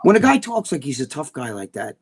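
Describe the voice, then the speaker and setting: A man with a New Jersey accent chatting casually on a talk show. His voice sits high, and he talks bluntly, swears freely and rambles through "you know" fillers. He sounds like a seasoned bodybuilding personality holding court. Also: huge pitch swings, fairly quick, slightly rough. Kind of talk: casual chat.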